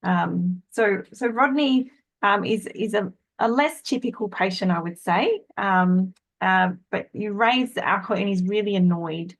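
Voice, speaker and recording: A woman's voice: mid-range voice, measured pace, few pauses, poor audio. A woman moderating a webinar panel on a video call, steering it with questions.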